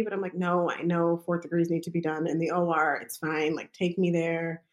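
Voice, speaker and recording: Woman, midwife, casual storytelling, slightly low pitch, chatty, lots of fillers. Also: level tone, normal speed. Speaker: midwife telling her own birth story.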